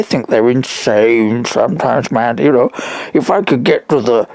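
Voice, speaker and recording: Gravelly, halting man on a call. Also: medium pitch, a little mellow, dry recording, poor audio. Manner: rambling, halting storytelling with many restarts. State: weak and struggling to breathe. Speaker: caller. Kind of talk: recorded phone call.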